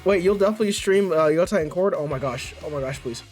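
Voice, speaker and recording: A man's voice: fairly high pitch, quick pace. A man streaming live, chatting casually with his viewers in playful, rambling trash talk. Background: faint music.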